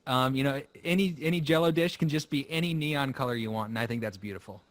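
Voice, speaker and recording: A man's voice: medium pitch, quick pace. A man who is a guest musician, chatting with dry, playful humor and singing comic parody songs. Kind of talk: comedic song parodies with guitar.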